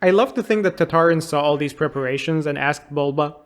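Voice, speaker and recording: Here a YouTube game reviewer in his thirties speaks a little quickly, his voice sitting on the high side. His comedic game retrospective comes across as sarcastic, incredulous and exasperated.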